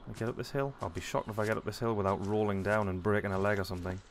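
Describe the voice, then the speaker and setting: A man's voice: on the low side, steady tone, rapid-fire, background noise. A man giving casual gameplay commentary, chatty and self-mocking, often muttering to himself as he plays. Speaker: let's play commentator.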